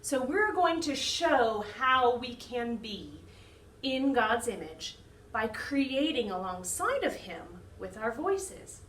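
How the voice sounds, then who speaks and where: A woman who directs a children's choir, teaching young children a lesson slowly in a sing-song way. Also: fairly high pitch, sing-song, a bit bright. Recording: echoey room, mic some distance off.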